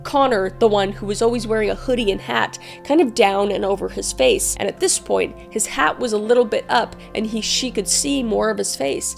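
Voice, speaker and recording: A woman's voice: fairly high pitch, vocal fry. Chatty, profane woman telling a crime story. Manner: chatty, profane, asides to the viewer. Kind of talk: casual true-crime storytelling.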